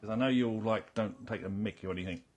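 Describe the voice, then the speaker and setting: Husky man hosting a chatty panel. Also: fairly low pitch, fast talker, darkish tone. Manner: chatty, teasing, restarts sentences. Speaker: podcast host. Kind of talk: casual panel chat.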